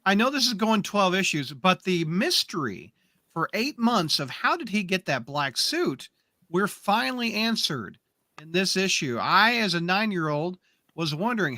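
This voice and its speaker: A man chatting about comics, lively and jokey, laughing often. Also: high-pitched, measured pace, dry recording. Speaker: podcast co-host. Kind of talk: casual comic book chat.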